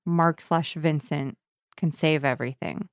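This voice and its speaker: A woman co-hosting a casual book discussion, animated and laughing often as she retells scenes. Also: low voice, a little slow, clear, resonant tone, dry recording. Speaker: book podcast co-host. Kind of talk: casual chat.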